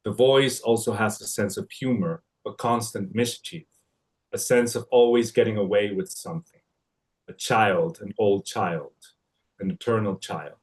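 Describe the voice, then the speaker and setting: Man from Mexico, lowish voice, reads a prepared tribute, tentative then rhythmic, livestream. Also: measured pace. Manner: hesitant start, then steady reading with a poetic rhythm. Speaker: family friend giving a tribute. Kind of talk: reading a written tribute. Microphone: livestream connection.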